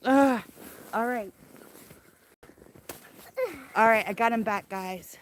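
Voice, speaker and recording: A woman's voice: on the high side, slow, slight background noise. An older woman chatting on a live stream outdoors in the snow, doting on her grandchild and laughing often, filmed on a handheld phone. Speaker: livestream host. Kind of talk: casual live stream chat. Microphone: phone camera held by hand.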